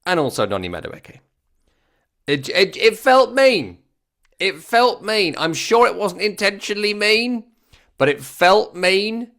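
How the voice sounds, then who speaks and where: A man's voice: high voice, animated, slow, a bit bright. A man hosting a football podcast, giving a casual, wry match review and repeating phrases for emphasis. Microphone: works regularly on a microphone.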